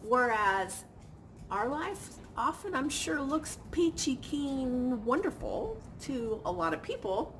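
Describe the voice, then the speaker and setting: A woman's voice: sits high, big pitch swings, slow, a little hiss or hum. A woman vlogger venting in casual chat, chatty and stressed, acting out quoted exchanges with little laughs. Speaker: vlogger and crafter.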